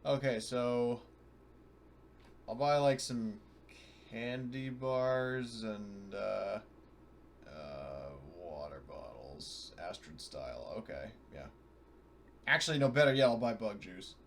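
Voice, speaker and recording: A man's voice: lowish voice, lively intonation, slow pace. A man playing in a tabletop role-playing game, chatting casually and rambling through purchases with lots of fillers and restarts. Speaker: player.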